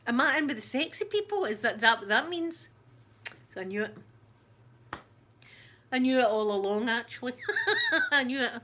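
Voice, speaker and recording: A woman's voice: fairly high pitch, lively intonation, normal speed, pauses often, pushed and bright, a little hiss or hum. A middle-aged woman with a Scottish accent, a channel host in casual chat, laughing often as she tells stories. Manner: chatty, laughs often, storytelling.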